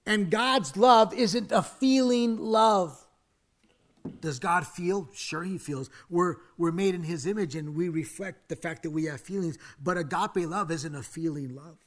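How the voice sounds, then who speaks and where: A male pastor preaching a sermon, dropping to hushed whispers and then rising to loud, emphatic declarations, and asking the congregation to say lines with him. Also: sits high, unhurried. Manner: invites the congregation to speak along.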